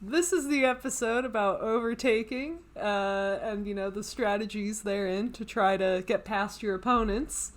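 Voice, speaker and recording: A woman's voice: mid-range voice, moderate pace, few pauses. A woman co-hosting a podcast in casual, giggly banter with her co-hosts. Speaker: podcast co-host.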